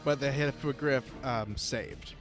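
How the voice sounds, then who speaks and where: A man acting as game master, making rulings in a relaxed way and laughing often. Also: mid-range voice, slow, over music. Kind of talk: running a tabletop game.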